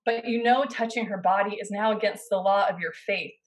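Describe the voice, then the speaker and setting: A woman pastor preaching a sermon, guiding her listeners through a scene in the second person with slow, dramatic pauses. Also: medium pitch, fairly even intonation, low-quality recording. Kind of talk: sermon with guided imaginative narration.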